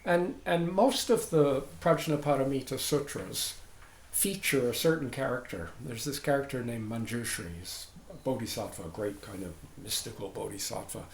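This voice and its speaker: A man's voice: mid-range voice, moderate pace, creaky. Chatty male dharma teacher, roomy sound. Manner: chatty, digressive, often asks "right?". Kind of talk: informal dharma talk. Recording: roomy sound with faint background noise.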